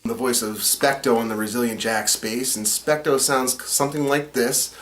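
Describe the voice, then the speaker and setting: A man's voice: mid-range voice, moderate pace, few pauses. Man explaining his cartoon voices. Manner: relaxed, plain explaining with fillers. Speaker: voice actor and co-creator. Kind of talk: behind-the-scenes narration.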